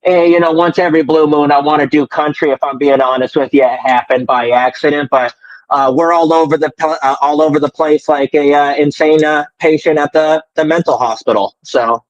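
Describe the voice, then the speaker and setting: A man's voice: a little high, level tone, brisk, dry recording, dull audio. A man from Colorado with a slight country twang, a musician chatting casually on a podcast in a rambling, self-deprecating way. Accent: slight American country twang. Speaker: musician guest.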